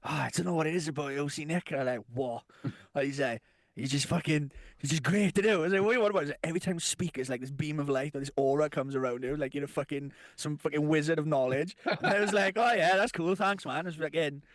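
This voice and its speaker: A podcast co-host tells crude, casual stories packed with swearing, laughter and acted-out quotes. His voice sits a little high and moves fast, with no echo.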